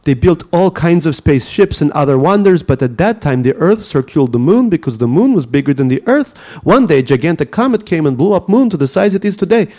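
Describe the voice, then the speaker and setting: A man voicing an eager eleven-year-old immigrant boy reading his own story aloud in a rushed, earnest recital. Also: high voice, lively intonation, mellow, voice pushed up.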